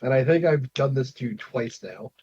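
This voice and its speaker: A man's voice: medium pitch, animated, moderate pace, darkish tone, highs cut off, slight background noise. A man co-hosting a casual podcast, teasing his friends and laughing often. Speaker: podcast co-host. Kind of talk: casual chat among friends.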